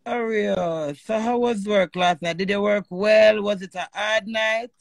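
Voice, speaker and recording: This live-stream host is a woman with a Jamaican accent who talks with callers, swearing openly in patois and sounding animated and emotional. Her medium-pitched voice moves a little slowly, and the recording has no echo.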